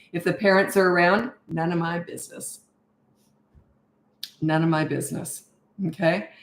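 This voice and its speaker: Blunt woman parenting coach, roomy sound. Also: lowish voice. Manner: blunt, no-nonsense advice with rhetorical questions. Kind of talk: live Q&A, answering viewer questions.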